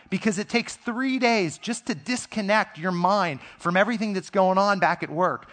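A middle-aged man with a fairly high voice preaches to a congregation, talking as if chatting with friends. He is earnest and speaks from personal experience. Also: moderate pace, few pauses, a bit bright. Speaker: pastor. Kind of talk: sermon.

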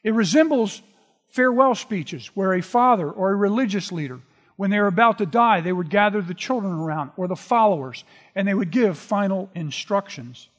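A man preaching a sermon, retelling scripture in a relaxed, conversational storytelling way. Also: sits high, moderate pace. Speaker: pastor. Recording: long reverb of a large hall.

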